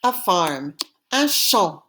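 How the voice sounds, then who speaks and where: A woman teaching French vocabulary, saying each word clearly and repeating it for students to copy. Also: lowish voice, very animated, a bit bright. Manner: slow, deliberate, repeating words for students. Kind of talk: language lesson drills.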